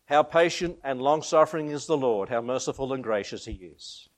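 A man's voice: medium pitch, expressive, moderate pace. Aussie guy preaching, keeps chuckling, voice swings up and down for emphasis. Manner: chuckles often, rises and falls in emphasis. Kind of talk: sermon.

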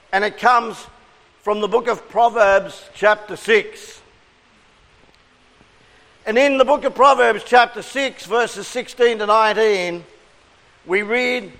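A man's voice: sits high, fairly bright tone, big-room sound, poor audio. A man with an Australian accent preaching a sermon, earnest and interactive, drawing responses from his congregation.

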